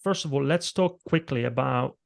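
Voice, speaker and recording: A man's voice: mid-range voice, moderate pace, creaky. A middle-aged man, a presentation coach, explaining delivery techniques in a conversational podcast interview. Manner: explanatory, demonstrates vocal techniques as he talks.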